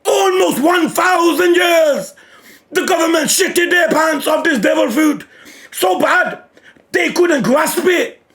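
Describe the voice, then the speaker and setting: Male manga reactor, unhurried delivery, alternates hype yelling with murmured play-by-play. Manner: swings between loud excited shouting and low muttered reading-along. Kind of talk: live reaction commentary.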